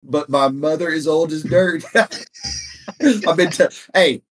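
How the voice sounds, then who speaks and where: A man co-hosting a podcast, telling teasing stories in a relaxed, drawling way. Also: on the high side, slow, a little hiss or hum. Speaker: podcast co-host. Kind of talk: casual chat.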